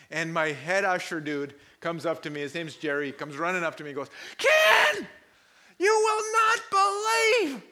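Pastor mid-sermon, animated storyteller, bright and a touch high. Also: male voice. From Pakistan. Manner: animated, laughing, acts out quoted people loudly.

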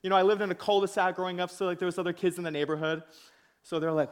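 Young male preacher, slightly high voice, casual, self-mocking storyteller. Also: fairly even intonation, rapid-fire, clean tone. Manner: laughing, self-mocking, acts out quoted voices. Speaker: pastor.

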